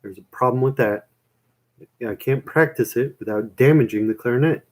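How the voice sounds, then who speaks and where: A young man talking in a loose, rambling way, tossing "man" and "dude" into nearly every line. His voice sits at an everyday middle pitch, and he chats casually with people watching, poking fun at himself as he goes. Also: moderate pace, low-quality recording. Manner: rambling, self-mocking, full of "man" and "dude". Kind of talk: casual chat reacting to chat.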